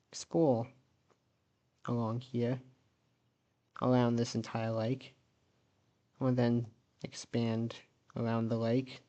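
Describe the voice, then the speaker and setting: A man narrates his alternate-history map video in a loose, conversational way, pausing often and thinking aloud. His voice sits at an ordinary mid pitch and his delivery is slow and unhurried, and he stops to question odd details or correct himself before carrying on. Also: warm tone, highs cut off. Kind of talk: casual narrated map commentary.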